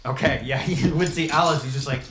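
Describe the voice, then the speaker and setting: A man's voice: mid-range voice, brisk. A man narrating as game master of a tabletop game, laid-back and chuckling as he goes. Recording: echoey room, faint noise.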